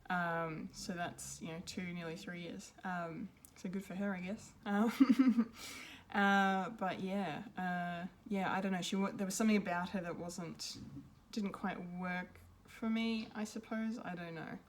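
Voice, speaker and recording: A woman's voice: lowish voice, fairly even intonation, unhurried. A woman giving an unscripted film review, rambling and hesitant, with many ums and restarts. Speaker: pop culture reviewer.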